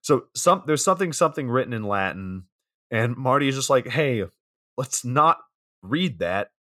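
A man's voice: medium pitch, lively intonation, moderate pace, a bit bright, dry recording. A man co-hosting a casual podcast, walking through a film scene by scene with dry, offhand jokes. His voice sits in a mid range and comes across close and dry, with no room sound. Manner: laid-back, dry joking, retelling scenes. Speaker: podcast co-host. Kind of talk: casual movie recap chat.

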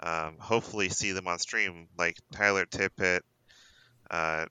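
A man's voice: deep voice, steady tone, a little slow, sharp tone, clear, resonant tone, no echo, rough recording. A man from Canada, hosting a podcast in eager, chatty casual talk. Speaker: podcast host.

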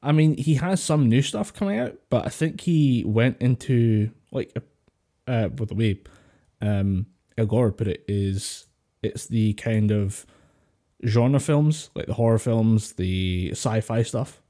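Here a male podcast co-host talks slowly in a warm voice of medium pitch, wandering from point to point on a voice call with frequent laughs and casual cursing. His mic is a voice call headset or a desk mic.

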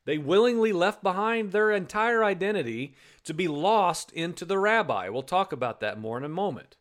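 A man's voice: high voice, expressive, moderate pace, a bit bright. A man preaching a sermon in a conversational way, with restarts and acted-out quotes. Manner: conversational, repeats words, acts out quotes.

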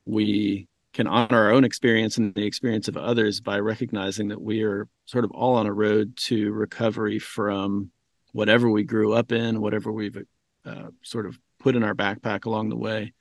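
A physician and teacher, a man, earnestly telling a reflective story in a conversation, pausing often with ums. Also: on the low side, level tone, no echo, clean studio sound. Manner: earnest, thoughtful, with frequent ums and self-corrections. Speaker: physician and medical educator, podcast guest.

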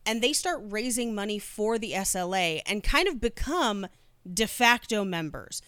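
A woman's voice: mid-range voice, animated, moderate pace, bright, forceful tone, clean tone, dry recording. Woman telling a true crime story. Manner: laughs while telling the story. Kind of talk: casual storytelling chat.

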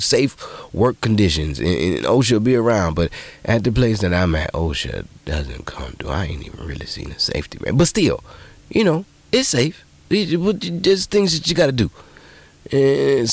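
A man hosting a podcast who tells profane, animated stories in casual monologue and jumps into high voices when he quotes people. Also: no echo. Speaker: podcast host.

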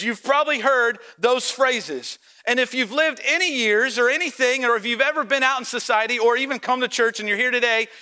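A young adult man preaching a sermon as pastor, telling a story and acting out quoted lines in a lower, softer voice.

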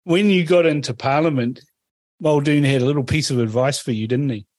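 A man's voice: medium pitch, fairly quick, darkish tone, no room sound. A man hosting an interview, prompting his guest in a conversational way. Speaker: host. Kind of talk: interview questions.

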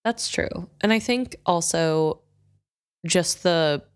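A woman's voice: fairly low pitch, slow pace, clean tone. A woman co-hosting a book podcast, thinking aloud about a story. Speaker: podcast co-host. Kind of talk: book discussion.

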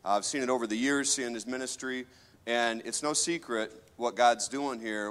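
A man's voice: medium pitch, moderate pace, a bit bright. A man preaching a sermon to a church congregation, talking in a loose, conversational way and often asking the crowd for an amen. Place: church sanctuary. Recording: hall reverb from a church.

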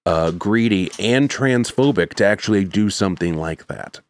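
A man's voice: on the low side, animated, moderate pace, darkish tone. A man co-hosting a podcast at home, rambling and sarcastic as he retells stories at length. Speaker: podcast co-host. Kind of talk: casual chat.

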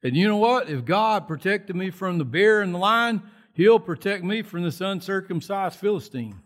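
A fearless young shepherd boy, played by a man telling a Bible story speaks up high and loud, full of excited defiance. The voice is pushed upward from the preacher's own, bright with confidence. It is a storyteller's quick sketch inside a sermon. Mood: defiant.

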